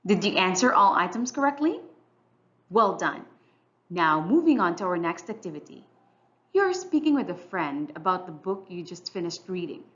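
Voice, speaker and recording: A woman teacher giving a clear, measured, scripted English lesson narration. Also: fairly low pitch, big pitch swings, a bit bright, muffled recording. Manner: clear, instructional, measured delivery.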